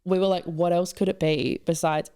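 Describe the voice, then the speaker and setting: Woman, podcast guest, gravelly fry, warm mellow tone, chatty. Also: lowish voice, fairly even intonation, moderate pace. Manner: chatty, filler-heavy storytelling. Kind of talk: casual chat.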